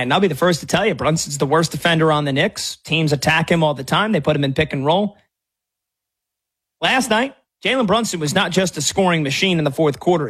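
A man's voice: a little high, a bit bright, slightly rough. A man hosting sports talk radio, arguing his case in a brash, mocking way.

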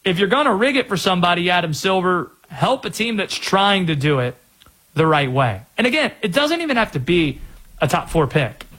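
Husky, lively sports radio host. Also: male voice, high voice. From North Carolina. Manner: conversational, emphatic, drawn-out phrasing. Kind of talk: sports talk radio monologue.

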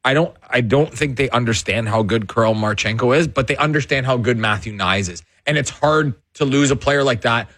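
A chatty man hosting a sports talk show, laughing as he talks. His voice is mid-pitched. It is recorded dry and close. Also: a little fast, few pauses, a bit bright, dry recording. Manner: chatty, laughs while telling. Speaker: sports radio host.

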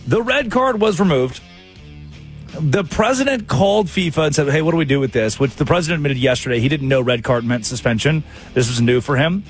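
A man's voice: fairly high pitch, a little fast, faint music behind. A man hosting a comic sports talk show, telling stories with quoted voices. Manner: animated storytelling with voiced quotes.

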